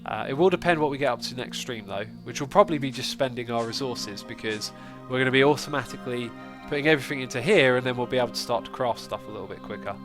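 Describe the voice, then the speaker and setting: A man's voice: mid-range voice, quick pace, few pauses, over music. A man with a stuffy, congested nose hosting a casual gaming livestream, chatting and thinking aloud as he plays. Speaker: livestream host.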